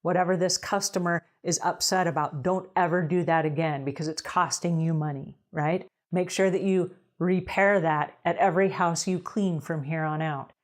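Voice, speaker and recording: A woman's voice: on the low side, steady tone, normal speed, few pauses. A woman giving emphatic, direct advice to house cleaners as a business coach in an advice talk.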